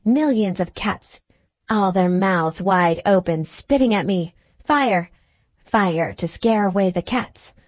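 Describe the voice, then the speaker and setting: A woman's voice: medium pitch, slow pace, dry recording. A woman voicing a raving, drunken old woman who shrieks in frenzied delirium.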